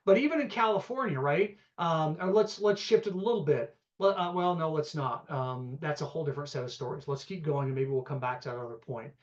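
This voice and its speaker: A man teaching a live real estate investing seminar, energetic and conversational, peppering the audience with rhetorical questions and "okay?". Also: fairly high pitch, fairly quick, hardly any pauses, highs cut off.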